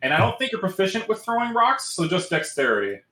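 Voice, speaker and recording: A man's voice: high voice, big pitch swings, quick pace, pushed and bright, reverberant, slight background noise, rough recording. A man narrating as game master in a loose, casual way, full of fillers.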